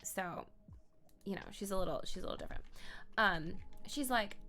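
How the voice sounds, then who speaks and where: A woman's voice: medium pitch, expressive, normal speed, bright, forceful tone, faint music behind. A woman streamer improvising a story as she games, rambling, playful, with side comments to herself. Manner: rambling, playful, laughs and asides. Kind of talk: improvised storytelling while gaming.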